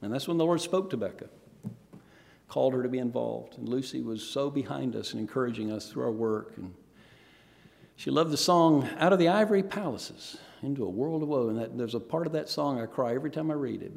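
A middle-aged man's gravelly, mid-range voice moves briskly through a sermon recorded in an echoing hall. Once a pastor and now a missionary speaker, he preaches through lively storytelling, acting out the voices he quotes.

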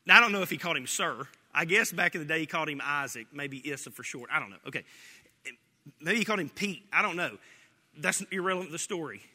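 Bright, animated joking preacher. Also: male voice, fairly high pitch, fast talker, big-room sound. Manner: animated, joking, laughs often. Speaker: pastor. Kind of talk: sermon.

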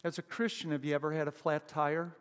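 A man preaching a sermon as pastor, emphatic, with loud rising exclamations and questions put to the congregation. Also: a little high, flat delivery, a little fast, clear, resonant tone. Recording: long hall reverb.

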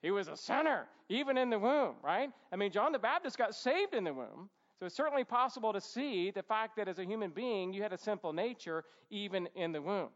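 A man delivers a sermon with a slightly high voice, talking plainly and breaking in with joking asides and a quick "right?" to the room. The sound is dull and lo-fi, and each phrase hangs in a long hall reverb. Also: animated, a bit bright. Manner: conversational preaching with humorous asides and rhetorical "right?". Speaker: pastor. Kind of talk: expository sermon.

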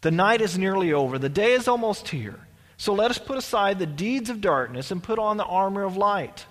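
Male pastor, conversational sermon with restarts and asides, high pitch, echoing church hall. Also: animated, a little fast, fairly bright tone.

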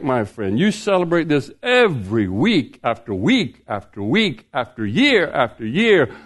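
A man preaching a sermon in a church, animated and asking the congregation rhetorical questions. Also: fairly high pitch.

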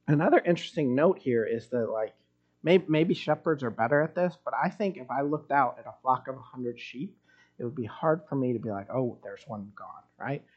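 A man's voice: mid-range voice, highs cut off. A man preaching a sermon in a conversational way, with wry asides. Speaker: pastor.

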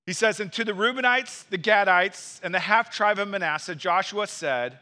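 A man preaching an earnest expository sermon, explaining a passage with quick asides. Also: sits high, pushed and bright. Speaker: pastor.

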